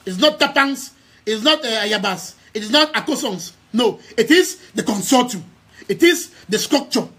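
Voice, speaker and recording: A man's voice: very high-pitched, lively intonation, normal speed, fairly bright tone, slightly rough. A young man with a Cameroonian English accent addresses his followers on a live stream, emphatic and repetitive, restarting his words often as an activist. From Southern Cameroons. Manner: emphatic, repeating key phrases, many stammered restarts. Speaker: activist and news outlet head.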